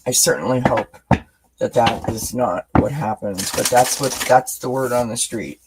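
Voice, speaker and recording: Male tarot reader on a live stream, mid-pitched, rambling and warmly chatty, lots of restarts. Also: moderate pace, noisy background. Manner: talks directly to viewers as friends.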